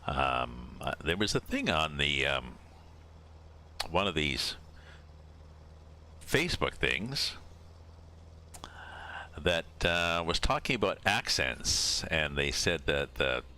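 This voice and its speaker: Very deep-voiced man streaming. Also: very animated, takes it slowly, long pauses, pushed and bright, slight background noise. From Canada. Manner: rambling, musing aloud, reading out viewer names. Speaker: game streamer. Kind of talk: casual live-stream chat while driving a truck sim.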